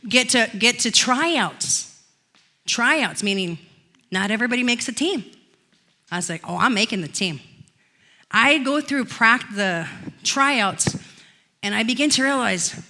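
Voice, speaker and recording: Woman pastor preaching, high bright voice, tells stories then gets loud and declares stuff. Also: expressive, a little slow, long pauses. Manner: storytelling, swells to loud declarations. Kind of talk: sermon. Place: church.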